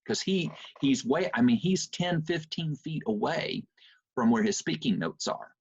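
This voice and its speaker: A man giving a lecture on a video call, telling stories in an animated, conversational way with many fillers. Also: on the high side, a little slow, slightly rough. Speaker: university lecturer. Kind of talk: storytelling lecture. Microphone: computer mic on video call. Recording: muffled Zoom audio.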